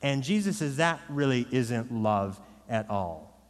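A man's voice: medium pitch, animated, takes it slowly. A man preaching a sermon as pastor, with a conversational style and frequent "right?" asides. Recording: long reverb of a large hall.

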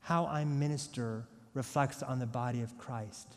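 A man's voice: mid-range voice, steady tone, normal speed, big-room sound. A male pastor preaching a sermon, emphatic, asking his congregation rhetorical questions. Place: church.

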